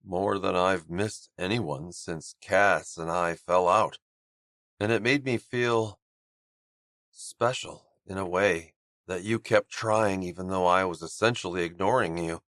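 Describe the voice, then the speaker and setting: A man doing a low, guarded hockey player. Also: dry recording, clean studio sound. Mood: tender. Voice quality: raspy. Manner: quiet, low, halting confession. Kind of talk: audiobook character voice.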